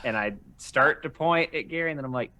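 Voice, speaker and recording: A man with a fairly high voice plays in a tabletop game. He jokes about his character and chuckles through his lines. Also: brisk, sharp tone. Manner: joking and chuckling. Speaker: player.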